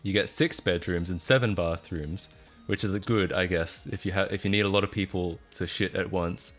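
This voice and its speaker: A man's voice: deep voice, steady tone, normal speed, soft background music. A man chatting casually on a livestream, laughing often and breaking into incredulous outbursts.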